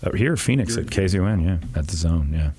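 Man, middle-aged, radio host, very deep voice, casual storytelling, profane, self-deprecating. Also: animated, quick pace, mellow, slightly rough.

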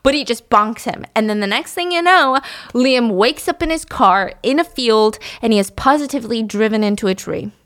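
A woman's voice: on the high side, normal speed, no echo, studio quality. Chatty woman animatedly retelling a story. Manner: animated, acts out the characters' lines. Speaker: storyteller recapping a show.

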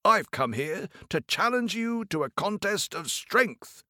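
A tiny, quick-witted tailor calls out boldly in a raised, cocky voice, as a male storyteller puts him on. His lines leap up and down with lively swings. The sound is close and dry. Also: dry recording, full character voice. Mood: cheeky. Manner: high, bright and cocky. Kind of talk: storybook character voice.

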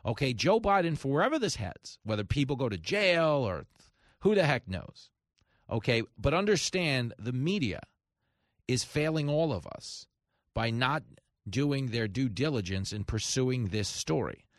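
A man's voice: mid-range voice, big pitch swings, unhurried, no room sound, studio quality. A man hosting a talk radio show, delivering an emphatic, sarcastic monologue.

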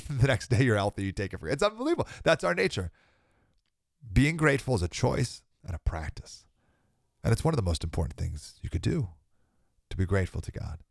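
Earnest man preaching with lively pitch. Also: a little fast, vocal fry, dry recording, studio quality. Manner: earnest, emphatic, laughs between points. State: slightly sick with a cold. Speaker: podcast host. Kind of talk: preaching monologue.

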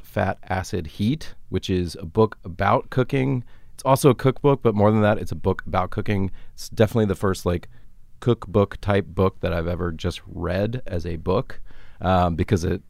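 A man hosting a podcast in casual chat, relaxed and thoughtful, pausing often with fillers. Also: sits low, vocal fry, no room sound, clean studio sound. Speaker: podcast host.

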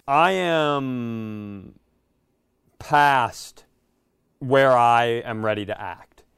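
Man, comedy podcast co-host, smooth clear voice, dry close sound, exasperated self-mocking tone. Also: mid-range voice, extremely slow, pauses often, a bit bright, dry recording. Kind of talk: casual comedic chat.

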